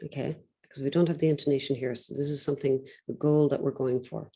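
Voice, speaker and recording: Mellow-voiced woman tutoring exam speaking. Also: extremely low pitch, fairly even intonation, breathy edge. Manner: instructive, deliberately slows and pauses to demonstrate, frequent ums. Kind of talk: online teaching lesson.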